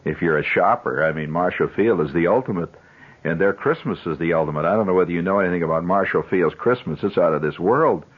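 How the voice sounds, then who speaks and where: A man's voice: sits low, fast talker, husky. A man in his fifties, a radio host telling a long, rambling story in a conversational way with chuckling asides. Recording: dull 1970s radio broadcast.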